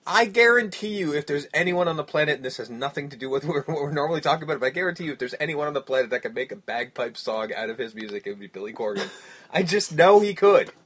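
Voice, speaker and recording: A man's voice: fairly high pitch, lively intonation, fast talker, fairly bright tone, slightly rough. A man from Canada co-hosting a casual wrestling podcast, rambling and swearing emphatically. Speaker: podcast co-host.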